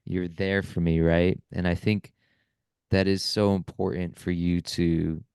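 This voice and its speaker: Brief: male podcast host, very low, smooth voice, dry close sound, earnest and reflective. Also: level tone, measured pace, darkish tone, no echo. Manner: earnest, often ends thoughts with "right?". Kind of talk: reflective casual conversation.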